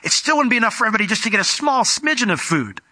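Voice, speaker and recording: A man doing a fretful, high-voiced disciple. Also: big pitch swings, rapid-fire, pushed and bright, no echo, exaggerated voice. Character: anxious penny-counting adult male disciple.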